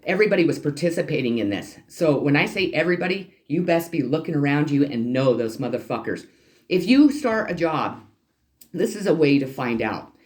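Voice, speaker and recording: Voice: mid-range voice, animated, a little fast. A heated, foul-mouthed tarot reader lectures the viewers on a channel. The voice is preachy and keeps calling out to them as people. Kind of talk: ranting spiritual card reading for a channel.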